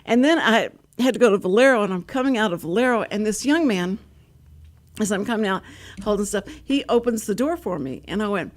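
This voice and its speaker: A woman's voice: mid-range voice, brisk. An older woman hosting a community radio talk show, chatting and laughing often as she tells stories. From Texas. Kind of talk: casual radio chat.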